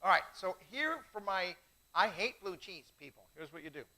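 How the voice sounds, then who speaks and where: Man, high voice, bright tone, chatty self-mocking host, middle-aged. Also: expressive, normal speed, rough recording. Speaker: host of a live wine tasting show. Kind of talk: casual live-stream chat.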